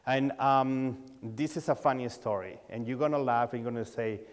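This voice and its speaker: A man with a Mexican accent and a mid-range voice speaks at normal speed, telling stories as a sales coach at a dealer conference. He's an animated storyteller who acts out dialogue, using non-native grammar, and the large conference hall gives the audio a long reverb.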